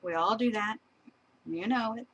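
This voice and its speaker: A woman's voice: mid-range voice, moderate pace, fairly bright tone, soft background music, low-quality recording. Chatty woman on a craft stream. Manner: chatty, laughs often, admiring asides. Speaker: crafter showing papers. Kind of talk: casual live-stream craft demo.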